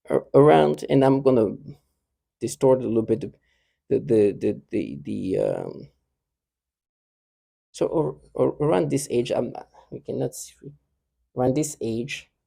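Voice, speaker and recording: A man talking to camera in a rambling, halting monologue, restarting and repeating himself often. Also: mid-range voice, vocal fry, dark tone, no echo, studio quality. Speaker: vlogger.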